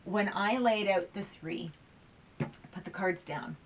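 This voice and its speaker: A woman's voice: mid-range voice, slow pace, a little hiss or hum, low-quality recording. A woman giving a casual, chatty tarot reading, emotional and a little teary, with lots of fillers and restarts. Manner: chatty and warm-hearted, many fillers and restarts. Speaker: tarot reader.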